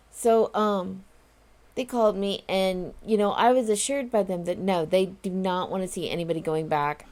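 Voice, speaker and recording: Talking directly to camera in a casual vlog, this woman, a vlogger and home confinement advocate, comes across as earnest and emphatic. Her voice is low-pitched and mellow.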